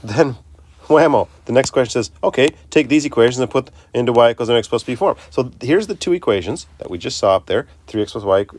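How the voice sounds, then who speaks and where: A man's voice: medium pitch, expressive, quick pace, a little mellow, dry recording. A man teaching a recorded math lesson, chatty and self-interrupting, talking students through each step.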